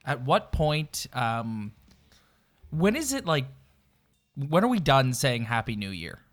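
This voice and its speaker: Sports podcast co-host, male, stuffy nasal cold voice, rambling casual delivery, mid pitch. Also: wildly swooping pitch, takes it slowly, faint music behind. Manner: rambling, filler-heavy, emphatic.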